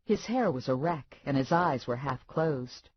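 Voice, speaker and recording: A woman narrating an audiobook in first person, wry and expressive with deadpan asides. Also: rumbling low, measured pace, slightly rough, no echo. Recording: dull lo-fi dry audiobook recording.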